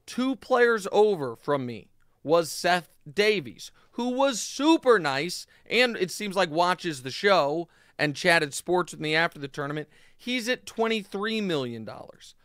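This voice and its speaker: A man hosting his own podcast, telling a story in a casual, animated monologue full of fillers and asides. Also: high-pitched, a little slow, clear, resonant tone, no room sound, clean studio sound. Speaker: podcast host.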